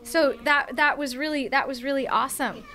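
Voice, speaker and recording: A woman voice actor with a high, bright voice gives casual interview answers. She explains step by step with small fillers and encourages a young interviewer as she coaches them. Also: fairly even intonation, moderate pace.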